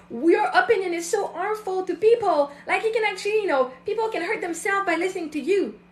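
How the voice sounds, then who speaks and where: High-voiced woman coach in echoey room. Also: expressive, fast talker, hardly any pauses. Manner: emphatic, acts out other people's voices. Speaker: self-love and mindset coach. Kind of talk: casual monologue to an online audience.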